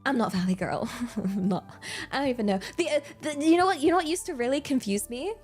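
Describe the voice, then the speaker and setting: A bubbly young Englishwoman chats on her livestream with a bright, fairly high voice that swoops up and down. She talks in an excitable, giggly way. Soft music plays faintly behind her. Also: fast talker. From England. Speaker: streamer. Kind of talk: casual livestream chat.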